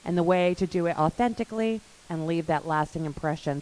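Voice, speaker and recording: A woman emceeing a business conference, introducing the next speaker with lively enthusiasm. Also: lowish voice, a little fast, hardly any pauses, rough recording. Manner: enthusiastic, hypes up the audience. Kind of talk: live event hosting.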